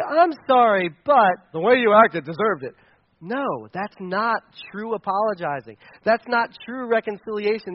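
A man preaching a sermon, animated and asking the audience questions. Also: high voice, dry recording, dull audio. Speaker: pastor.

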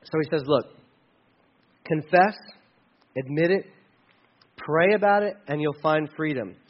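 A man preaching a sermon, conversational, with sudden rises and quiet drops. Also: fairly high pitch, measured pace, muffled recording. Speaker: pastor.

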